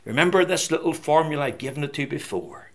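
A man preaching a fervent evangelistic sermon, rising to loud declarations and dropping to hushed, whispered scripture quotes. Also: a little high, lively intonation, quick pace.

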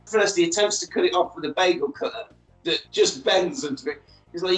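A man's voice: a little high, normal speed, fairly bright tone, echoey room, faint music behind, poor audio. A man, casually recapping a film's plot and acting out the characters' lines as a podcast co-host.

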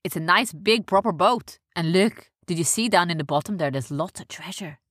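A woman's voice: fairly low pitch, moderate pace, fairly bright tone, no room sound, clean studio sound. A woman voicing boastful male boat-thief pirates who chat and gloat. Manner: chatty, gloating.

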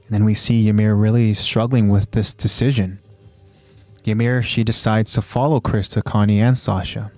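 A man narrating an anime recap casually, in an animated way that keeps jumping ahead. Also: on the low side, no room sound, soft background music. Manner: animated, quick to jump ahead, loose fillers.

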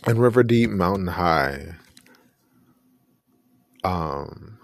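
A man's voice: low voice, expressive, very slow, no room sound. A man giving a casual, rambling video review, often correcting himself and speaking openly about personal feelings. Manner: rambling, self-correcting, emotionally open. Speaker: vlogger reviewing a documentary.

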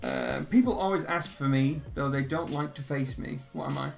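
A man's voice: mid-range voice, moderate pace, gravelly, faint music behind. A man hosting a podcast, reading riddles in a teasing, giggly way that keeps slipping into laughter. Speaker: podcast host. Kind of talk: casual riddle chat.

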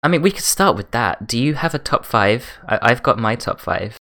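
A man's voice: medium pitch, lively intonation, normal speed, sharp tone. A young English man hosting a casual podcast, stammering now and then and laughing easily. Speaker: podcast host. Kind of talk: casual chat.

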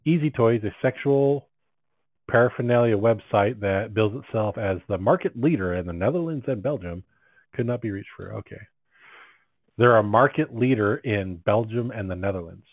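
A man's voice: lowish voice, normal speed, dry recording, poor audio. Crude joking man reading news. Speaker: podcast co-host reading news stories. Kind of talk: casual banter, reading news aloud.

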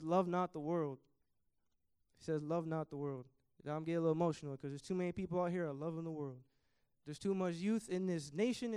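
Impassioned high-voiced young preacher. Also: male voice, dark tone, clear, resonant tone, no room sound, clean studio sound. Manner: impassioned preaching, surges in volume on scripture quotes. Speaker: youth preacher. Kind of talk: sermon. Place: church.

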